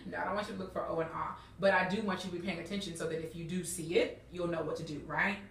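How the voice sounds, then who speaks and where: A woman's voice: on the low side, fairly even intonation, fast, slight background noise. A woman teacher guiding young readers, encouraging and checking in often with "okay?" and "all right?". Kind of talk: classroom instruction. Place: classroom. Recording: roomy classroom, mic far off.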